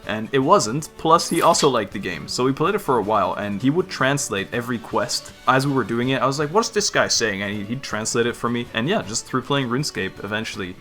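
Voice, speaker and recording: Guy from the netherlands doing a chill q&a, laughs a lot, kinda shy, quiet music in the back. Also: mid-range voice, lively intonation, fairly quick, few pauses. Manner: chatty, laughs easily, self-deprecating. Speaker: YouTuber. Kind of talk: casual Q&A chat.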